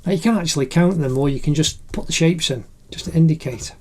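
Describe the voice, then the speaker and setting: A man's voice: fairly high pitch, fast, slight background noise. A middle-aged man narrating a drawing tutorial in a chatty, encouraging way, like an art teacher.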